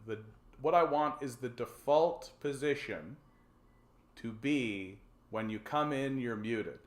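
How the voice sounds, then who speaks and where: A mid-range male voice in a reverberant setting belongs to a Canadian host of a casual call-in livestream. He's rambling and jokey, swears a lot, and leans on fillers and restarts.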